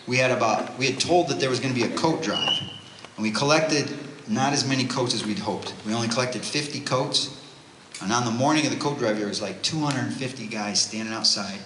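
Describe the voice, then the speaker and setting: A man giving a religious talk to a youth retreat, telling stories in an animated, conversational way. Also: medium pitch, brisk. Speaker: retreat speaker, homeless ministry worker. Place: parish hall. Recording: roomy hall with faint noise.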